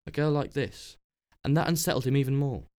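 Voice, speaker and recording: A man's voice: mid-range voice, a little fast, darkish tone. Man reading a novel aloud. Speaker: narrator. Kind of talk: scripted narration.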